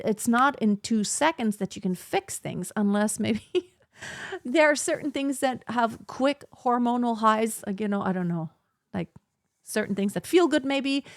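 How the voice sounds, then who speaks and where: A woman's voice: mid-range voice, no echo, studio quality. A woman hosting a podcast, talking through advice in a casual, reflective way and filling her speech with "like.". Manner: chatty, reflective, heavy use of "like". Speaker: podcast host.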